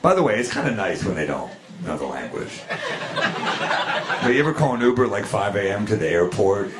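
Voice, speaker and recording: A male stand-up comedian telling a story in a dry, deadpan way. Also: fairly low pitch, fairly quick, a crowd in the background. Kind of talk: stand-up set. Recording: echoey live room with loud noise.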